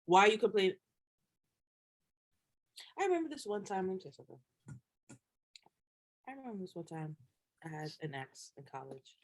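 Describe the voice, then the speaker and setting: A young woman co-hosting a podcast in casual chat, emphatic and animated, laughing often as she rants. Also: medium pitch, a little fast, pauses often. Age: young adult. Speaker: podcast co-host.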